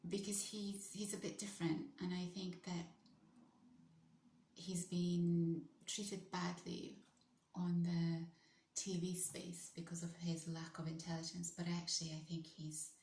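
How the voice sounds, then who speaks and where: A woman from the UK in a soft, mostly whispered and rambling casual vlog chat. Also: on the low side, completely flat delivery, a little slow, slight background noise. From United Kingdom. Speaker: vlogger. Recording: roomy echo.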